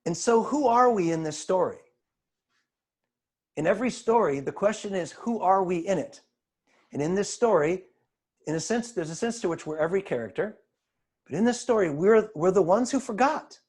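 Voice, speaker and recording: A man preaches over a video call, his husky voice riding high and swinging widely in pitch. He retells scripture with dramatic, expressive emphasis. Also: unhurried. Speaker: spiritual teacher.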